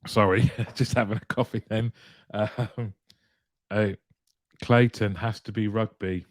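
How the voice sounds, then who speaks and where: A man hosts a relaxed live stream, welcoming viewers by name and reading out their comments. His voice sits on the low side and sounds close and dry, with no room around it. He keeps things light and chatty, with the odd soft laugh. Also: a little slow, no echo. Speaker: live show host.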